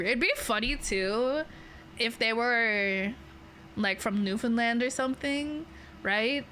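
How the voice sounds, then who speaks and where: Bright, slow-talking Canadian woman streamer. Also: a little high, slight background noise. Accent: Canadian English. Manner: rambling, playful, laughs often. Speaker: VTuber streamer. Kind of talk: casual livestream chat. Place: home streaming setup in a bedroom.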